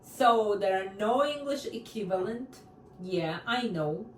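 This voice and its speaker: A woman's voice: medium pitch, lively intonation, slow pace, distant mic, a little hiss or hum. A woman from Central Asia teaching a Russian language lesson online, carefully saying each example word twice. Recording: roomy echo, voice from away from the mic.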